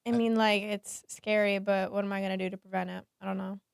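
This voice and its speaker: A woman's voice: mid-range voice, little pitch movement, fast talker, creaky, smooth, no room sound. A woman with a Texas accent, a guest on a casual podcast in a studio, talking in an offhand, shrugging way. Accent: Texan.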